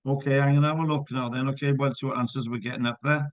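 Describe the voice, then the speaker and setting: A man's voice: medium pitch, steady tone, quick pace, no echo, muffled recording. A man teaching physics in a live online class, checking students' answers with encouragement and working through problems step by step.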